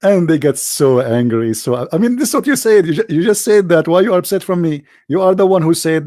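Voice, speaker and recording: Mocking male livestream host, slightly high voice, dry close sound. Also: lively intonation, brisk, hardly any pauses, warm tone, no room sound. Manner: mocking, laughs at his own stories, repeats words. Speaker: livestream host debating callers. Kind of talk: casual storytelling rant.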